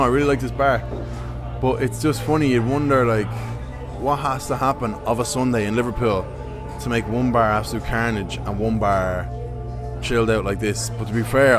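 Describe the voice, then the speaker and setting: A young Irish man chatting casually to camera in a pub, rambling, joking and swearing. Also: medium pitch. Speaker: pub-reviewing vlogger. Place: indoor pub. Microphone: camera mic.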